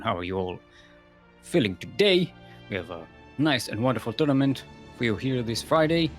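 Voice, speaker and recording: A man hosting and casting an esports tournament in a playful, rambling way, with booming ring-announcer introductions. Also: very animated, moderate pace, faint music behind. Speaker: tournament host and caster.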